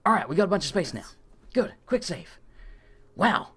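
Lively-pitched male game streamer, ranting. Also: husky. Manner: chatty, quick to rant and swear in frustration. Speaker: gaming streamer. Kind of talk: live let's-play commentary.

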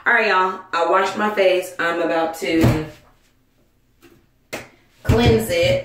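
A woman vlogger chatting casually to her viewers, excitable and frantic, exclaiming often. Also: fairly low pitch, slow, pauses often, a little hiss or hum. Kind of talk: casual vlog chat. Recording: echoey room.

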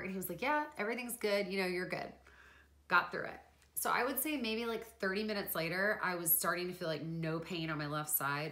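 A young woman vlogger telling a personal story to camera in an animated, chatty way, full of fillers. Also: on the low side, echoey room.

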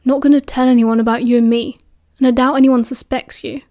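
A woman's voice: high voice, little pitch movement, a little fast, dark tone, lightly acted. A woman with a British accent voicing a prickly, tired teenage boy who answers curtly and coldly. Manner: curt, cold, clipped.

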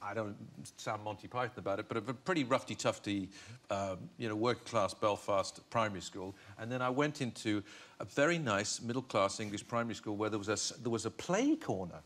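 A man's voice: on the low side, a little fast, a bit bright. A middle-aged man from Northern Ireland, a guest on a TV chat show, talking in a reflective way with many restarts and easy laughs. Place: television studio.

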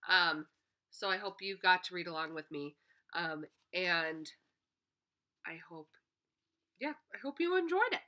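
Young kindergarten teacher lady reading a picture book aloud, sing-songy, bright voice, takes it slow. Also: lowish voice. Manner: expressive, sing-song, talks directly to young kids.

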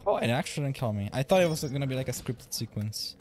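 A man's voice: mid-range voice, lively intonation, quick pace, darkish tone, a little hiss or hum. A young man streaming a video game from home, rambling casually, swearing and laughing often. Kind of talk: casual gaming livestream chat.

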